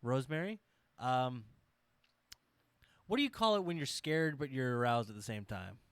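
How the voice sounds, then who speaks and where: A man co-hosting a casual podcast chat, animated and profane as he riffs. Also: medium pitch, moderate pace, clean tone, dry recording. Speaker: podcast co-host.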